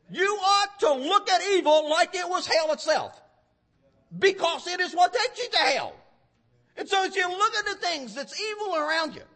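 A man preaching a sermon, fervent and with sudden loud emphasis. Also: extremely high pitch.

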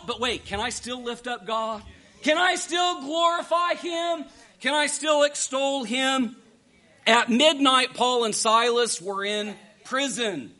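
A man preaching a sermon, swinging between hushed asides and shouted exhortation, asking the congregation rhetorical questions. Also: extremely high pitch, measured pace.

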